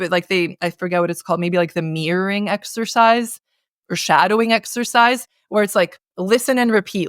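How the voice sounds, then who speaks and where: A North woman, a voice and communication consultant, explaining in a lively conversational interview and demonstrating sounds as she goes. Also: mid-range voice, no echo, clean studio sound. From North America.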